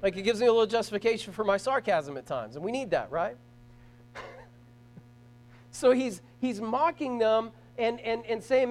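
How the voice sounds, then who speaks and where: A man's voice: sits high, expressive, normal speed, pauses often. A man preaching a sermon as pastor to a church congregation, earnest and emphatic, repeating phrases as he builds a point.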